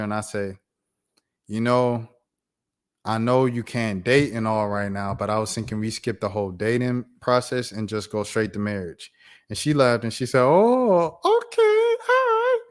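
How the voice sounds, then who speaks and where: A man in his thirties hosting his own stream, telling a casual storytime in an animated, slangy way with laughing asides. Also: fairly low pitch, moderate pace, clear, resonant tone. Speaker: streamer host.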